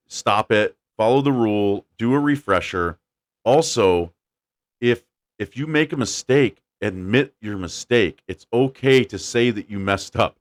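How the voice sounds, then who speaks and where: A man hosting a casual podcast, telling stories with lively acted-out quotes and blunt opinions. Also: lowish voice. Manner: animated storyteller, acts out quotes. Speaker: podcast host. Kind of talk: casual chat.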